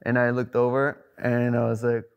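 A young man chats casually as a podcast guest. He laughs easily and often stops to restart a thought. His pitch sits in a middle range. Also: flat delivery, normal speed, smooth, muffled recording. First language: German.

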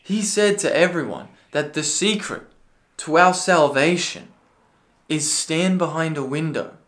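A man delivering a ranting commentary video, sarcastic and profane, now and then bursting into yelling. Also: a little high, unhurried. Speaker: political commentary video creator.

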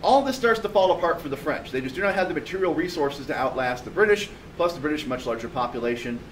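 A man teaching a history class in a chatty, animated way, pointing things out on a map as he talks. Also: on the high side, fast. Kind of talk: classroom lecture. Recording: distant mic with faint room noise.

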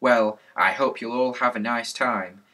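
A man voicing a kindly middle-aged mother in a children's storybook reading, gentle and concerned. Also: mid-range voice, fairly even intonation, a little slow.

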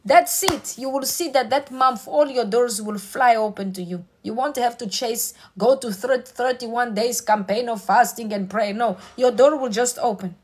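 A woman's voice: a little high, moderate pace, few pauses, breathy edge. A woman preacher delivering a sermon with emphatic, repetitive exhortation.

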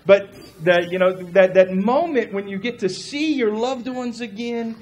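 High-voiced pastor telling a story. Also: male voice, measured pace, slight background noise. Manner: animated, acts out quoted voices. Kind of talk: sermon with personal storytelling.

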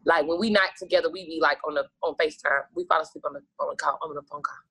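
A woman's voice: sits low, fairly even intonation, rapid-fire, a bit bright, husky. A woman guest telling stories in casual, profane chat, acting out her own past lines and laughing often.

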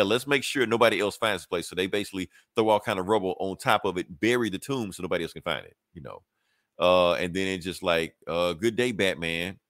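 Low-voiced man casually recapping a comic. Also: fairly bright tone, dry recording, clean studio sound. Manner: loose, slangy retelling with quoted character voices. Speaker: podcast co-host.

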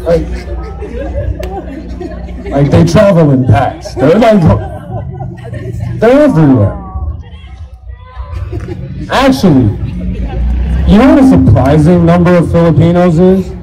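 Animated male stand-up comic, live crowd. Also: a little high, slow, pauses often, faint music behind, poor audio. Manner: animated crowd work, acts out voices. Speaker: stand-up comedian. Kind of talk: stand-up comedy set. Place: comedy stage before a live audience. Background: audience laughter.

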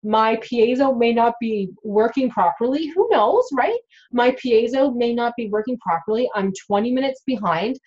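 A middle-aged woman and dental hygienist, talking casually to students in an advice vlog, lively and acting out what patients and dentists say. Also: on the high side, moderate pace, dull audio. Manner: chatty, animated, acts out quoted patients and dentists.

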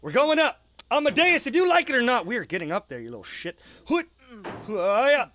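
A young man giving gameplay commentary, excitable, muttering one moment and yelling the next, swearing and talking to his character. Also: very high voice, brisk. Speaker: gaming YouTuber.

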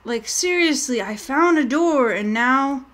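A woman's voice: high voice, expressive, measured pace, a bit bright. A woman streaming a game, talking to her chat in a rambling, jittery way that keeps tipping into panic. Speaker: gaming streamer. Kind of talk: live gameplay commentary.

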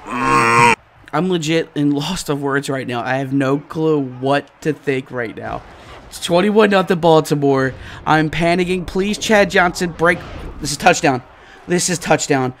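A man hosting a gaming channel, giving live let's-play commentary and reacting excitably to each play. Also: on the high side, unhurried, a little hiss or hum. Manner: excitable, yelling and groaning at plays.

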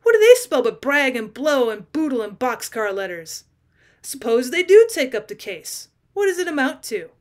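A woman's voice: on the high side, animated, normal speed, close to an everyday voice. A woman reading as a boastful, vain male crook. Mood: scornful.

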